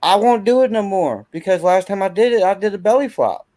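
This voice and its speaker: Folksy blunt man, somewhat high voice. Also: expressive, fairly quick, dark tone, dry recording, poor audio. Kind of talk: casual group chat.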